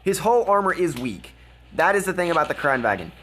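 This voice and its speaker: A man's voice: a little high, sing-song, a little fast, a bit bright, a little hiss or hum. A man giving casual, blunt commentary over a gameplay replay, mocking and laughing at his opponent. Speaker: gaming video creator.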